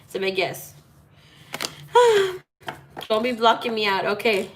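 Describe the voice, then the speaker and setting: A woman's voice: on the high side, sing-song, slow, noisy background. A woman giving a casual tarot reading, talking in a chatty, playful way, laughing often and swearing now and then. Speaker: tarot reader.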